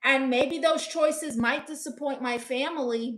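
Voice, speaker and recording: Sassy lady comedian on a live stream, kinda high voice, roasting her chat like a nosy aunt. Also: unhurried, hardly any pauses. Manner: blunt, teasing, playfully sassy. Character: brash advice-giving aunt persona. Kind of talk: casual live-stream chat, reading viewer comments.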